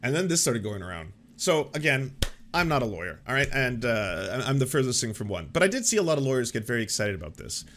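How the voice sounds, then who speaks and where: A man's voice: mid-range voice, sing-song, fast talker, fairly bright tone, a little hiss or hum. A man hosting an online commentary show, riffing sarcastically with profanity and frequent laughter. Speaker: host. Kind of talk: casual commentary.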